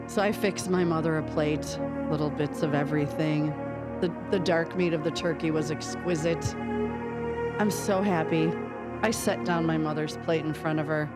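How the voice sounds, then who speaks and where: A woman's voice: low voice, fairly even intonation, moderate pace, loud music behind the voice. Mock-dramatic woman radio co-host. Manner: over-the-top mock-dramatic, playful. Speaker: radio morning show co-host. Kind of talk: casual chat, comic storytelling. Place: radio studio.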